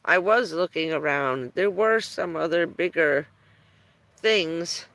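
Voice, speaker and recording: A woman's voice: on the low side, slow pace, fairly bright tone. A woman chatting casually on a live stream, telling rambling stories and chuckling often between phrases.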